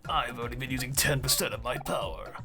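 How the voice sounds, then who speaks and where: A man's voice: mid-range voice, brisk, music in the background, lightly acted. Cocky boy rival, theatrical bragging, put-on American accent, voiced by a man. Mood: smug. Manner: swaggering, theatrical boasting. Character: cocky boastful boy rival, show-off kid.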